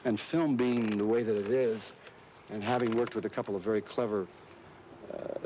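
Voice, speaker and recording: A man being interviewed as an actor, telling stories in a relaxed, rambling way with lots of fillers and restarts. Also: fairly low pitch, moderate pace. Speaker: actor guest. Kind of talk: casual anecdotal interview talk. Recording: dull lo-fi recording with faint hiss.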